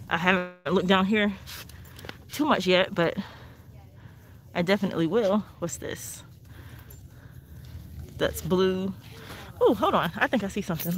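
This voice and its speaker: A woman hosting a chatty live shopping vlog on her phone, talking to viewers as she walks through a store. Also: medium pitch. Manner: chatty, addresses viewers as y'all. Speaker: couponing vlogger. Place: inside a discount store. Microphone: phone held while walking. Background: faint store noise.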